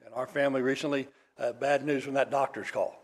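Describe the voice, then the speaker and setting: A man's voice: medium pitch, fairly even intonation, fast. A man preaching a sermon in a conversational way, with dry humor, reading scripture aloud. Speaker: pastor.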